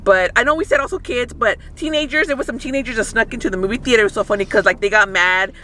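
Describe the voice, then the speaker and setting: A man's voice: very high-pitched, racing, sharp tone, slight background noise. A man casually reviewing a film from inside his parked car, rambling with many fillers. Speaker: movie review vlogger. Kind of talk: casual chat.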